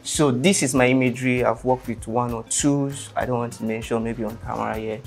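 A Nigerian man riffs and lectures with a teasing edge, dropping into pidgin as he goes. Light music plays under him, and his voice sits in an ordinary middle pitch. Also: fairly even intonation, a little fast, creaky. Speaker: dating show contestant. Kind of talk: casual banter.

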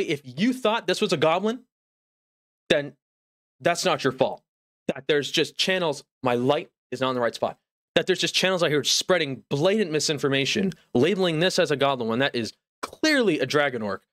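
A man's voice: fairly high pitch, expressive, fairly quick, fairly bright tone, no echo, studio quality. A young man streaming live from home, ranting in mock outrage with lots of exasperation.

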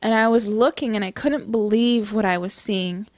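A middle-aged woman giving an earnest personal testimony, halting, with many restarts and fillers. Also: mid-range voice, no echo, studio quality. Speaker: testimony speaker.

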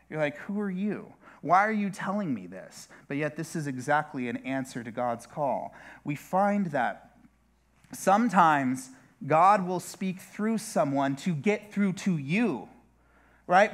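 A male pastor preaching a sermon in a chatty way, turning often to the listeners with asides. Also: on the high side. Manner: conversational, with repeated asides to the listeners.

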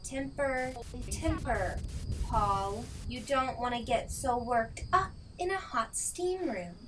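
A woman voicing a slow, mocking hidden killer. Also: a little high, lively intonation, a bit bright, distant mic, a little hiss or hum. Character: cold taunting anonymous killer, unseen caller.

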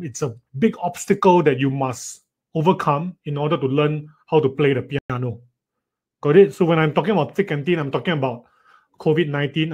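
A man's voice: a little high, a little mellow. A man teaching a live online writing lesson, reading students' sentences aloud and teasing them playfully. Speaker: writing tutor.

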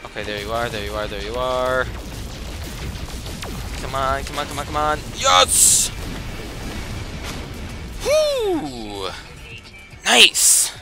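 A man giving casual let's play commentary, breaking into excited outbursts and complaints, then muttering to himself while sorting gear. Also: medium pitch, moderate pace, pauses often. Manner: self-talk, mutters and trails off while managing inventory. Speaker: gaming commentator. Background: game music.

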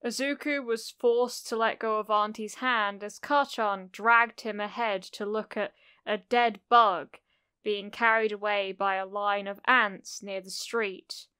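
A woman narrating a cozy fan fiction audiobook in a gentle, unhurried storytelling manner. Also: mid-range voice, steady tone, smooth, no room sound, clean studio sound.

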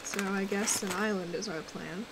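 A woman's voice: mid-range voice, moderate pace, a crowd in the background, poor audio. A woman streamer chatting casually during a game, teasing her co-host and laughing often. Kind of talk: casual gameplay chat.

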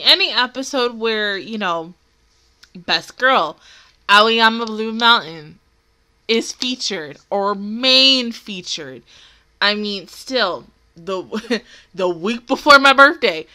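High, lively, gushing woman reacting to anime. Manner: gushing, squealing exclamations. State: tearful, emotional. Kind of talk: live reaction commentary.

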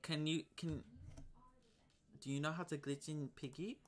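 With a medium-pitched, fairly even voice and a measured pace, a young adult gaming vlogger offers casual commentary and chat as he plays. Slang, gasps and dramatic outbursts fill his talk.

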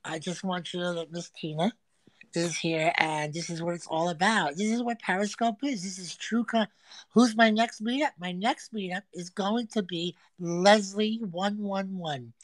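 A woman's voice: fairly low pitch, fairly even intonation, moderate pace, no room sound. A woman hosting a casual livestream from a friend's home, teasing and swearing through crude, brash banter. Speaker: livestream host.

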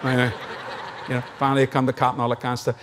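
Racing through his sermon in a completely flat mid-range voice, a middle-aged preacher tells folksy stories, acts out dialogue, and laughs often before a live convention-hall audience. The sound is a bit bright, with slight hiss or hum.

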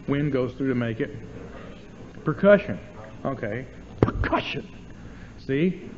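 A man giving an informal theology lecture to an audience, lively and demonstrative, often checking in with questions to his listeners. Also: mid-range voice, moderate pace, dull audio, background noise.

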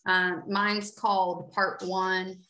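A woman's voice: mid-range voice, flat delivery, takes it slowly, pushed and bright. A woman moderating an online teacher workshop, chatty and gushing as she fills the time. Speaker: session moderator. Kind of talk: casual online workshop hosting. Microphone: video call. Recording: echoey room on a call.

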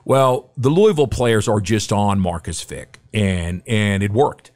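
A middle-aged man, a podcast guest, telling a story in casual, animated chat and acting out the quotes. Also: lowish voice, a little slow.

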